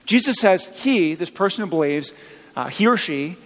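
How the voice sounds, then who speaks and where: A man's voice: sits high, lively intonation, moderate pace, fairly bright tone. A male pastor preaching a sermon in a conversational way, with rhetorical questions and stories from everyday life. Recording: long hall reverb.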